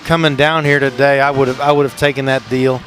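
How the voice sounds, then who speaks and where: A man's voice: mid-range voice, fairly even intonation, normal speed, a bit bright, soft background music. A male basketball color commentator chatting in a laid-back, rambling way and chuckling often. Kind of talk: casual radio sports banter.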